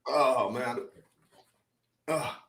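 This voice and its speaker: A man's voice: medium pitch, very slow, creaky, fairly bright tone. A man co-hosting a casual live show over a video call, moaning, laughing and complaining dramatically about the heat. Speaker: co-host. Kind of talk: casual chat.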